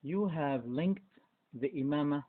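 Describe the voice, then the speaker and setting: A man's voice: fairly high pitch, measured pace. A man opening his turn in an online debate with a formal invocation, then stating his rebuttal. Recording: tinny phone-like line, distant from the mic.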